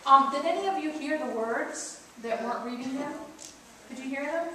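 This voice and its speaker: A woman pastor leads her congregation in a playful, interactive sermon, teasing them into taking part. Her slightly high voice reaches the mic from a distance, washed in the heavy echo of the church. A clear layer of noise sits beneath it. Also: moderate pace, a bit bright. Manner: playful, coaxing congregation to join in. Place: church sanctuary. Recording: echoey church recorded from far off, noisy.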